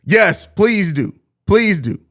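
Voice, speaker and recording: A man's voice: high-pitched, big pitch swings, slow, a bit bright. A young man hosting a live postgame show, talking casually, laughing often and launching into profane, repetitive trash talk at a viewer. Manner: repeats himself, laughs often. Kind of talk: casual live-stream chat, reading viewer comments.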